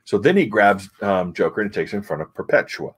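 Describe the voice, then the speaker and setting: A man's voice: fairly low pitch, big pitch swings, a little fast, husky. A man hosting a casual comic book review, recapping chattily with fillers.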